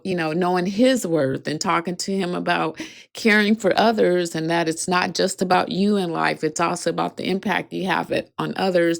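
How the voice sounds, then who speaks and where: Earnest woman podcaster with a gravelly voice. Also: on the low side. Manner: heartfelt, earnest, voice cracking with emotion. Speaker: podcast host. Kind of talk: reflective solo podcast storytelling.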